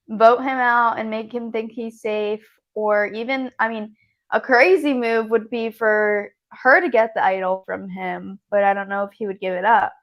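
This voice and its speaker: A woman's voice: fairly high pitch, dull audio. Young woman musing on predictions. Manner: thoughtful, hedging with "I think". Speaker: podcast co-host. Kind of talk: casual chat.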